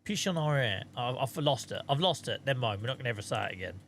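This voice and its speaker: A man's voice: mid-range voice, rapid-fire, fairly bright tone, slight background noise. A man chatting casually on a live stream while he plays a game, thanking viewers and muttering asides to himself.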